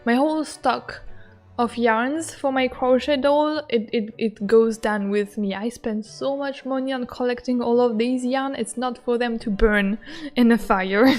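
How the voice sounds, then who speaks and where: A giggly young woman chats excitedly while streaming a game. Her voice sits high, and soft music plays faintly behind her. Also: measured pace. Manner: excitable and giggly, with playful squeals. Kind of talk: casual game commentary.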